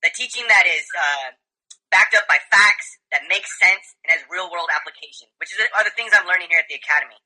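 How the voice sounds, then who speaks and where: A woman student of the host's academy speaking on a video call, earnest and halting. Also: on the low side, bright, forceful tone. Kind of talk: online debate chat. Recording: tinny video call line.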